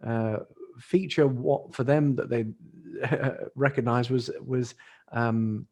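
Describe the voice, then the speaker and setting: Here the English dating industry expert, middle-aged and a podcast guest, speaks slowly at a medium pitch with a steady, slightly mellow tone. The interview talk is casual, with frequent laughter and restarted phrases.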